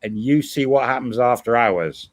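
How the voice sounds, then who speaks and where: A man's voice: medium pitch, normal speed. A middle-aged man, chatting casually on a livestream and rambling through long examples while correcting himself. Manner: rambling, self-correcting storyteller. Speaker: co-host guest.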